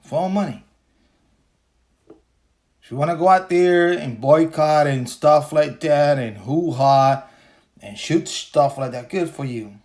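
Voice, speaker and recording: Podcast host, male, slow talker with a slightly high voice, loose and profane, repeats points. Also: a little mellow. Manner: profane, repetitive, laughs while talking. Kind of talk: casual livestream rant.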